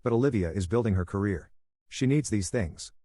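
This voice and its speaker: A man's voice: fairly low pitch, lively intonation, fairly quick, dark tone, dry recording. A man voicing a defensive, evasive middle-aged mother, with no change of voice for the part. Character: defensive middle-aged mother who favors her daughter.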